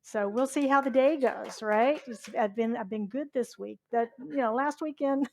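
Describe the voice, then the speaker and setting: A woman's voice: fairly high pitch, normal speed. A middle-aged woman from Southwest Virginia, preaching a chatty sermon as a reverend and asking the congregation questions. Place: church sanctuary.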